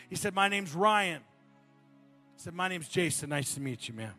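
A man's voice: high voice, lively intonation, normal speed, a bit bright, soft background music. A man preaching a sermon, telling a personal story and building to passionate appeals.

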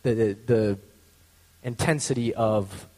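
A man's voice: lowish voice, slow, darkish tone, long reverb tail. A man telling a personal story in a casual, conversational way, full of fillers and acted-out quotes. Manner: acts out quoted voices.

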